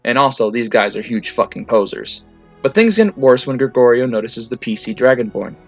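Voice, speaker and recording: A man reading tabletop game stories aloud in a clipped, matter-of-fact, deadpan way. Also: medium pitch, moderate pace. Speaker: narrator reading fan stories. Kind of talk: storytelling reading. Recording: slightly muffled, faint music.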